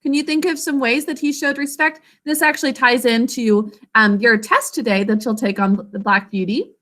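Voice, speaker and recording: A woman teaching a class over a video call, encouraging and sounding out words slowly. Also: a little high, steady tone, fairly bright tone.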